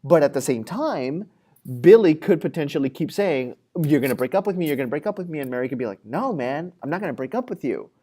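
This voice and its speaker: This male lecturer's voice sits on the high side, mellow and expressive, at a quick pace. Teaching psychology in class, he chats casually with many fillers and acts out ordinary moments in quoted voices.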